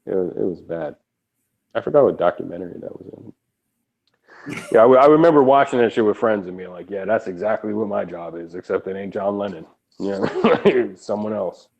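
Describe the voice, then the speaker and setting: A man's voice: fairly low pitch, lively intonation, normal speed, gravelly, darkish tone. A man in casual chat, a laid-back recording engineer who swears freely and mumbles. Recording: dull lo-fi sound.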